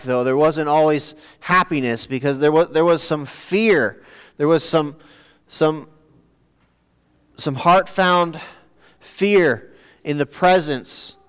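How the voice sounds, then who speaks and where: A man delivers a sermon at an unhurried pace, often repeating a word or two as he gathers his thought. His voice sits a little high and sounds clear and resonant. It rings out in a church with a long, lingering reverb. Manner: halting, repeats words while searching for phrasing. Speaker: pastor. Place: church sanctuary.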